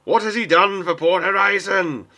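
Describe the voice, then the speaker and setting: A man voicing a male agitator on a crate who shouts to a crowd with frustration and conviction. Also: high-pitched, normal speed, voice pushed up. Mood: fiery, shouting. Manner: shouting, impassioned, insistent. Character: angry male rabble-rouser shouting from a crate.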